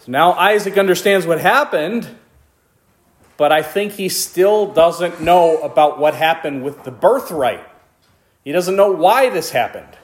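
A man with a high voice reads Bible verses aloud in old-fashioned wording. Between the verses he explains them in a relaxed, joking way and laughs at his own asides. He sounds like a teacher leading a casual Bible study. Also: unhurried. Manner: reads scripture aloud then comments with playful asides and laughs.

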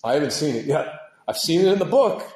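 A man preaching a sermon with passion, moving from hushed, heavy passages to loud, urgent ones, and dropping casual words like dude and man. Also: on the high side, very animated, fast, reverberant. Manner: impassioned, swings from hushed to shouting.

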